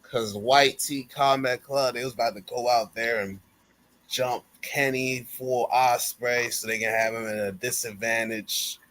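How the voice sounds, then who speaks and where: A man on a wrestling podcast tells the story of a show, loose and full of slang. His voice is bright and forward. He keeps slipping into the wrestlers' lines as he goes. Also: medium pitch, fairly even intonation, measured pace. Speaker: podcast co-host. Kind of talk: casual wrestling recap chat.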